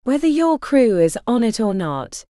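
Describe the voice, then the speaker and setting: A cold, officious male captain reading out arrest orders in a clipped, formal tone, as a woman narrating puts him on. The pitch moves freely across lines. The sound is dry and close. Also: very animated, measured pace, mellow, dry recording.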